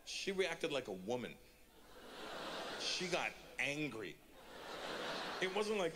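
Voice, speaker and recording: A man's voice: on the high side, sing-song, slow, background noise. A man in his forties from Canada performing a stand-up comedy routine, telling a story and acting out the quotes. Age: 40s.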